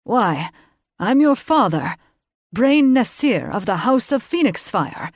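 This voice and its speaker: A woman's voice: a little high, sing-song, slow pace, breathy edge, no echo, clean studio sound, voice pushed up, exaggerated voice. A woman narrator voicing a haughty, condescending male fae lord in an audiobook. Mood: coaxing. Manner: condescending, faintly mocking. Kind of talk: audiobook character voice.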